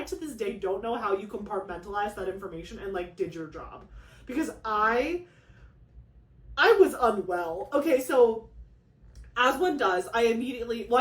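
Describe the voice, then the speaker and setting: A young woman hosting a casual vlog, telling a story in an excitable, rambling way with lots of fillers and acted-out quotes. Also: on the high side. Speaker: craft channel host. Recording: echoey room.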